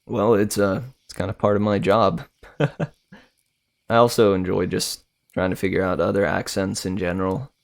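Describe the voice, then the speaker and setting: A male streamer and voice actor chatting casually with viewers, relaxed and slangy, laughing often. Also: low voice, moderate pace, vocal fry.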